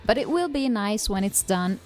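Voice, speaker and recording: A woman's voice: mid-range voice, lively intonation, normal speed, faint music behind. A woman hosting a podcast, reading a scripted English-lesson dialogue in a cheerful, teasing way and laughing often. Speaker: podcast host.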